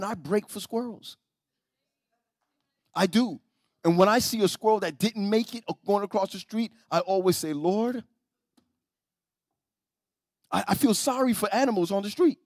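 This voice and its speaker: Male pastor, storytelling sermon, husky tone, stammering repeats, soft-to-loud swings. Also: high voice, no echo, clean studio sound. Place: church sanctuary.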